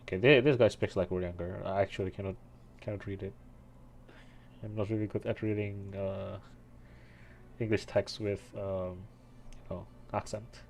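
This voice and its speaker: A man's voice: fairly low pitch, fairly even intonation, moderate pace, gravelly, pauses often, a little mellow, a little hiss or hum. A man streaming a game, chatting casually and reading the text aloud with frequent self-corrections. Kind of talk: let's play commentary.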